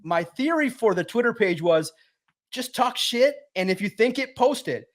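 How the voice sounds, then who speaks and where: A high-energy man, a sports writer guest, telling a lively story and acting out the voices in it. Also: moderate pace. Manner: high-energy, acts out quotes loudly. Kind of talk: animated storytelling.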